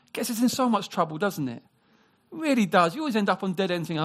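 A man preaching a sermon, animated, acting out quoted voices and dropping into hushed, near-whispered passages. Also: high-pitched, fairly quick. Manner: animated, acts out quoted voices, drops to a hush.

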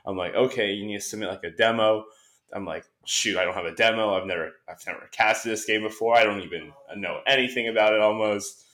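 A young man from the United States, a guest on a podcast, telling stories in a casual, animated way and acting out the conversations he quotes. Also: lowish voice, fairly quick. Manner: animated storyteller, acts out quoted exchanges. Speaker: guest, esports caster. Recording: echoey room sound.

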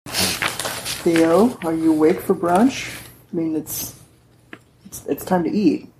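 Low-voiced woman hosting a podcast. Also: lively intonation, slow, roomy sound, background noise. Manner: playful, teasing banter. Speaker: podcast host. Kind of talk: casual chat.

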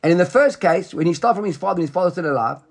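A man leads a Talmud study session with a slightly higher voice. He explains each step with animation, slipping into the rabbis' lines as he reads them, and checks in with a student as he goes. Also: rapid-fire, creaky. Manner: lively explaining, acts out the rabbis' words, quizzes a student. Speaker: Talmud teacher. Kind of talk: explaining a text in a study class.

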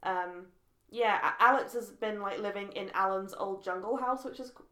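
A woman's voice: mid-range voice, moderate pace, pushed and bright, echoey room. A woman co-hosting a podcast, chatting casually and recapping a film with plenty of fillers. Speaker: podcast co-host. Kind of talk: casual chat.

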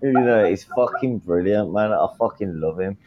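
A British man in casual chat, blunt and profane, talking excitably with lots of swearing. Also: lowish voice, moderate pace, very noisy. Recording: dull lo-fi sound.

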